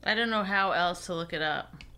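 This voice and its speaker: A woman's voice: fairly low pitch, moderate pace, pushed and bright, smooth. A woman co-hosting a talk show, reading an ad and then teasing her partner sarcastically in casual chat. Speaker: podcast co-host.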